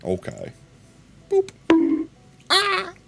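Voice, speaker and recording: A man's voice: extremely high pitch, huge pitch swings, extremely slow, creaky, over music. A man chatting casually on a live stream, rambling from topic to topic and laughing often.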